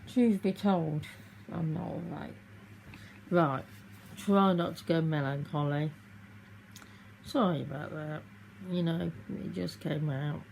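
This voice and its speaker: A woman vlogging to camera, tearful and halting as she speaks openly about her feelings. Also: low-pitched, fairly even intonation, gravelly, a little mellow, slight background noise, low-quality recording. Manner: halting, emotional, confessional. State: tearful, crying. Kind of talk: personal vlog talking to camera.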